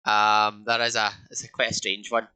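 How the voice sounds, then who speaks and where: Scottish man, young, podcast co-host, hesitant, rambling, bright sharp voice. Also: lowish voice, completely flat delivery, moderate pace, smooth, low-quality recording. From Scotland. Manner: rambling, hesitant, lots of fillers and restarts. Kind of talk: casual chat.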